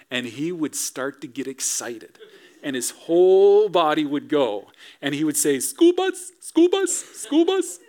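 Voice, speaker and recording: A pastor in his thirties delivers a Sunday sermon in a church. His voice sits a little higher than most men's, and he keeps it conversational, turning lines into rhetorical questions aimed at the congregation. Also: fairly bright tone. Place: church sanctuary.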